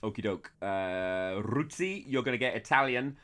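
A man's voice: fairly low pitch, animated, normal speed, fairly bright tone. A man co-hosting a podcast, chatting playfully and swearing casually. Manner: playful, swears casually, hams up foreign phrases. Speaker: podcast co-host.

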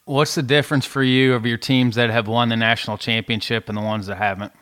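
A man's voice: mid-range voice, fairly even intonation, quick pace, a bit bright, clear, resonant tone, no echo, studio quality. A man hosting a podcast, asking a guest a direct question. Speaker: podcast host. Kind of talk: podcast interview.

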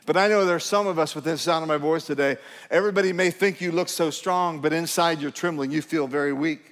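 A man's voice: on the high side, quick pace. Male pastor preaching in a reverberant hall. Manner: conversational preaching, animated and emphatic. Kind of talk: sermon. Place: church sanctuary.

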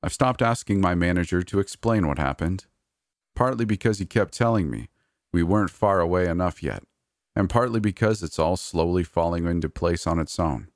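Deep-voiced man narrating a story. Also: lively intonation, normal speed, dry recording, clean studio sound. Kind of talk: first-person scripted narration.

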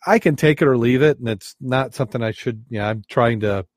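A man hosting a podcast in casual chat, talking in halting starts. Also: mid-range voice, no echo. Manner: halting, hesitant. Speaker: podcast host.

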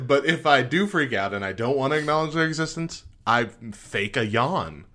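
Laughing, bright-voiced man. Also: mid-range voice, expressive, moderate pace. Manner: chatty and self-mocking, laughs often. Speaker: podcast co-host. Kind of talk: casual chat.

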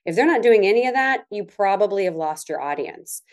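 A middle-aged woman in a casual advice chat, explaining earnestly and slowing down to stress key words. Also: medium pitch, expressive, darkish tone. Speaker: co-host.

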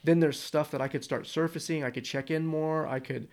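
A man's voice: fairly high pitch, fairly even intonation, a little fast. An American man in casual conversation, thinking aloud in long rambling turns full of restarts.

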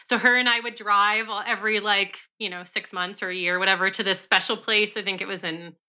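Woman co-host, casual chat, bright tone, frank and animated storytelling. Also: mid-range voice, brisk. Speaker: podcast co-host.

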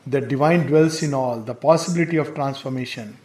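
A man giving a reflective spiritual lecture, measured and explanatory, with hesitations. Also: medium pitch, a little mellow, a little hiss or hum. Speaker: spiritual teacher. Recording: roomy echo.

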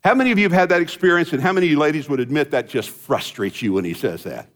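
Older pastor preaching in a reverberant hall. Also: male voice, a little high, expressive, very fast. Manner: folksy storytelling with jokes and asides. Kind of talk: sermon. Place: church sanctuary.

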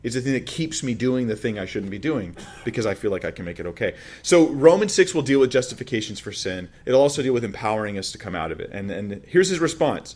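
A man's voice: mid-range voice, lively intonation, normal speed. A man preaching a sermon as a pastor, teaching through a Bible passage in a conversational way with emphatic rises and frequent restarts.

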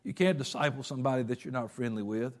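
A man preaching a sermon in a conversational way, acting out little quotes and often pausing with fillers. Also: medium pitch, expressive, a little mellow. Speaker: pastor.

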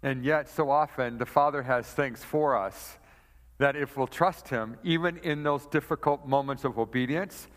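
A man's voice: mid-range voice, moderate pace, big-room sound. A man host speaking earnestly in a preaching way, repeating questions for emphasis. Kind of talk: preaching commentary.

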